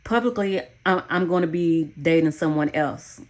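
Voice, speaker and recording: A woman's voice: low voice, moderate pace, natural voice. Woman reading an abusive, manipulative ex-boyfriend in an audiobook; defensive, curses, pleads. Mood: evasive. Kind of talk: audiobook character voicing.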